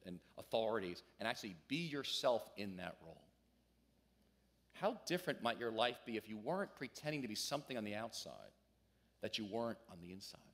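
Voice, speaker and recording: A male pastor preaching a sermon in a church, telling a story in a conversational way and rising to loud emphasis at key points. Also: on the low side.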